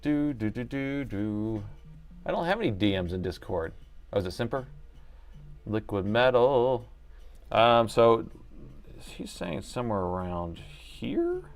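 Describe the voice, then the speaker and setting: A man's voice: medium pitch, wildly swooping pitch, unhurried, gravelly, long pauses, faint music behind. A man hosting a laptop repair livestream, chatting casually to viewers and laughing often as he works. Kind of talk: casual live repair chat.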